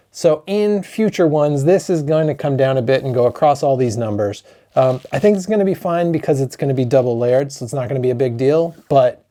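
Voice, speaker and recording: A man, a board game designer chatting excitedly through an unboxing of his own game, openly emotional. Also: mid-range voice. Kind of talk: unboxing vlog.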